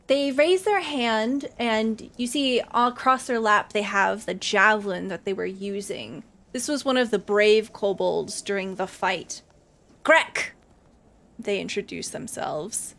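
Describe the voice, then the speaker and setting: A woman narrating as game master in a tabletop game, describing scenes slowly and in detail. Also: mid-range voice, fairly bright tone.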